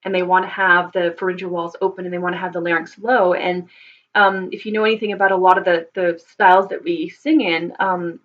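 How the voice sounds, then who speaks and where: A woman's voice: on the low side, flat delivery, brisk, fairly bright tone, dull audio. A woman speaking as a voice teacher, thoughtfully explaining singing technique with frequent ums and restarts.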